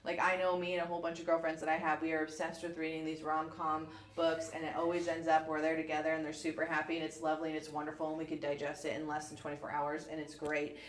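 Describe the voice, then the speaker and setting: A low-voiced woman from the United States talks through a book club episode in a loose, animated way, full of fillers and quick asides. Her voice sits low for a woman and carries a noticeable room echo. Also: a little hiss or hum. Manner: chatty, animated storytelling with many "like" fillers. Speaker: podcast co-host. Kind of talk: casual book club chat. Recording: echoey room.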